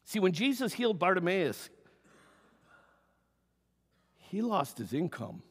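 A man's voice: sits high, normal speed, husky. A man preaching a sermon as pastor in a church, acting out the story's characters. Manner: animated, acts out the story's characters. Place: church sanctuary. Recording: long hall reverb.

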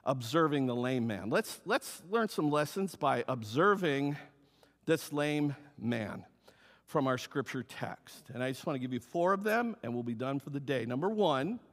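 A man pastor preaches a sermon in a church sanctuary, his voice a little high and his pace measured. He's animated, acting out the story's characters, and the recording carries a long hall reverb.

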